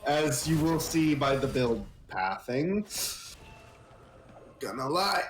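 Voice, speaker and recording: A man's voice: medium pitch, very animated, takes it slowly. A man from Canada with a Canadian accent, casually co-commentating an esports match and explaining his team's plan. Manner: laid-back, laughs easily, explains his team's plan. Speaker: guest caster and team player. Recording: echoey room with faint noise.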